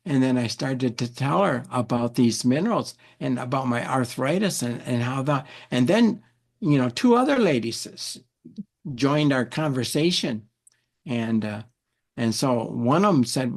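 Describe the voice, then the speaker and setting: A man, an interview guest, telling an animated story, often repeating words and acting out what people said. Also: mid-range voice, normal speed. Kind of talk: anecdotal storytelling.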